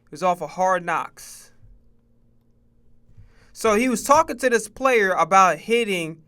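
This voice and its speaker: A man's voice: high voice, animated, unhurried, pushed and bright, clear, resonant tone. A man streaming casual sports reaction talk, profane and laughing, often stammering and repeating himself.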